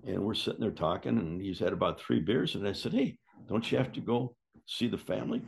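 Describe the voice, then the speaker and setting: Husky older man spinning a yarn. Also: on the low side, fairly quick, few pauses. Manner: lively yarn-spinner who acts out quotes and swears freely. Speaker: former pro wrestler telling stories. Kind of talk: casual storytelling.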